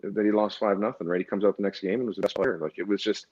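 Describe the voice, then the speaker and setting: Fast-talking low-voiced man telling stories. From Canada. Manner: rambling, animated storyteller with many restarts and acted quotes. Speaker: guest, former pro hockey goalie. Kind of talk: casual storytelling interview. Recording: dull lo-fi audio.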